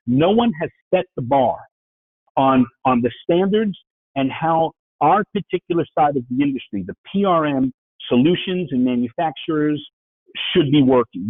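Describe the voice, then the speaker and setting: Fast-talking New York man on a call. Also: mid-range voice. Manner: fast-talking, frequent "right?" and "okay?" asides. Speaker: webinar presenter. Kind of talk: webinar presentation. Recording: phone-like, dry, husky sound.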